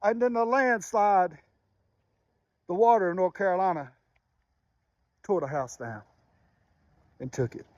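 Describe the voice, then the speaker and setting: A man giving an emotional spoken testimony and prayer as a motivational speaker, impassioned and preacherly, dropping to a hushed voice at times. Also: sits high, no room sound, highs cut off. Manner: impassioned, preacherly, with pauses and sudden drops to a hushed voice.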